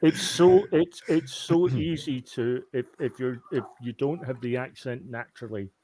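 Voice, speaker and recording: A man's voice: medium pitch, moderate pace, warm tone. A man playing a tabletop game, teasing the game master and stammering over repeated words. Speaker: player. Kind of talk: casual tabletop chat.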